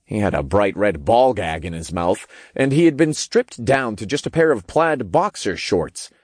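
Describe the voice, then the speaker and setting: A man narrating an audiobook in the first person, with lively, expressive storytelling. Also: lowish voice, normal speed, no echo, clean studio sound.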